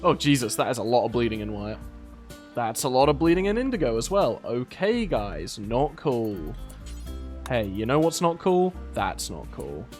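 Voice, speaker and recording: Lively rambling British man narrating a game. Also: mid-range voice, moderate pace. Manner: rambling, exasperated scolding of game characters. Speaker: gaming video host. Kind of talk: casual gameplay commentary. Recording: faint game music behind.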